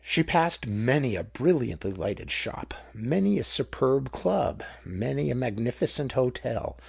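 Male audiobook narrator, dramatic, husky and gravelly, lively delivery. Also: mid-range voice, a little slow, no echo, clean studio sound. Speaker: audiobook reader. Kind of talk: scripted narration.

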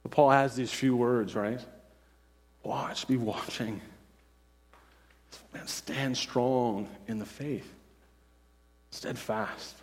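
A man preaches with earnest insistence, circling back on phrases and checking in with "right?" His voice sits at an ordinary middle pitch. A long reverb trails each word through the sanctuary. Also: fairly even intonation, takes it slowly, long pauses. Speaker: pastor. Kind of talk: sermon.

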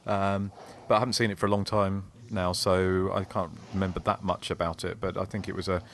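Low-voiced man reading listener mail. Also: flat delivery, a little fast, a bit bright, slight background noise. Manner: reads listener emails aloud with chuckles. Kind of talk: casual chat.

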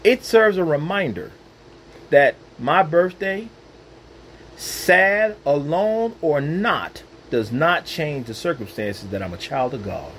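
Earnest man with a lively, swinging voice. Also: on the high side, takes it slowly, a little hiss or hum, low-quality recording. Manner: earnest and emphatic, repeats phrases for weight. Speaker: Christian speaker. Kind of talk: personal devotional talk. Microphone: own microphone.

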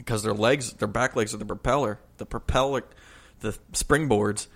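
A man's voice: lowish voice, moderate pace, slight background noise. A man chatting casually with friends, telling a story with lots of laughter, swearing and quoted voices. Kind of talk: casual chat among friends.

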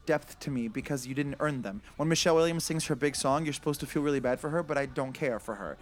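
A man's voice: mid-range voice, slight background noise. A man who sings for a living, giving opinionated commentary in casual chat. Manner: animated, opinionated, fast-talking. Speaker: professional singer.

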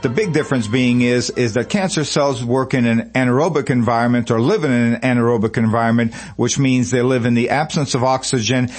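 A man's voice: mid-range voice, brisk, hardly any pauses, faint music behind. A man hosting a promotional radio talk show, telling customer stories conversationally with frequent fillers. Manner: conversational storytelling with many fillers.

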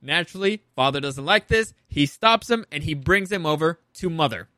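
A man's voice: fairly high pitch, expressive, normal speed, bright, forceful tone, no echo, studio quality. A young man casually recapping a show episode, rambling and swearing, often laughing at his own jokes.

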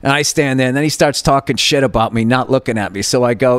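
A man's voice: mid-range voice, fast, clean tone, no room sound. Profane rambling middle-aged man. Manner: profane, rambling storyteller with many restarts. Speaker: podcast host. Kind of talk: rambling comedic monologue.

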